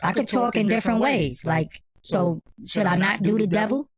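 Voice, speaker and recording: A man talking through a voice changer that pitches his own voice up, blunt and profane. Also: moderate pace. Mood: defiant.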